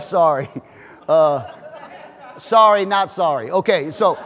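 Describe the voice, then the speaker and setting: A man preaching a sermon as pastor, emphatic and joking, with shouted peaks. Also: a little high, lively intonation, unhurried. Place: church auditorium. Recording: reverberant hall.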